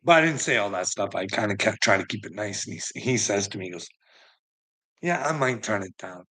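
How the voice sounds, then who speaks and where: A man's voice: on the low side, expressive, quick pace, bright, forceful tone, slightly rough. A middle-aged man, ranting agitatedly in a personal vlog, swearing constantly with bitter laughs. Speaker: vlogger.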